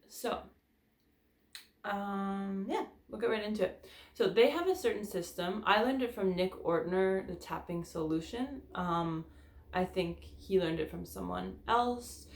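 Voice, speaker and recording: In an echoey room, a woman with a medium-pitched voice leads a guided tapping session at a measured pace. She's casual and candid, swearing freely and sighing between statements.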